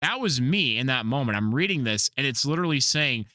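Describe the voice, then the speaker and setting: A man's voice: medium pitch, animated, fairly quick, bright, forceful tone, no echo, studio quality. A man hosting a casual podcast, telling rambling stories and swearing freely. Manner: profane, rambling storyteller. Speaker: podcast host.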